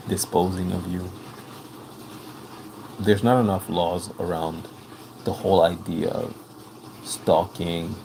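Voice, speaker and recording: Gravelly man answering live chat. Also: deep voice, noisy background. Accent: non-native English accent. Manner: earnest, repeats himself when making a point. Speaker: livestream host. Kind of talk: live-stream talk, reading and answering chat.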